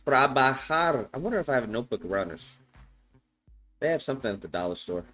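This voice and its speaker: A man's voice: medium pitch, sing-song, fast talker, pushed and bright, soft background music. A man streaming casually as he follows a language lesson, thinking aloud, repeating words and swearing often. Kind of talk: casual live-stream chat.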